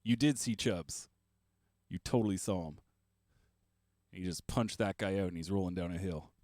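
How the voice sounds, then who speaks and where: A man's voice: deep voice, moderate pace, a little mellow, no echo, clean studio sound. A man hosting a beatmaking livestream, chatting casually and rambling with self-mocking jokes while he works. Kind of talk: casual livestream chat while making beats.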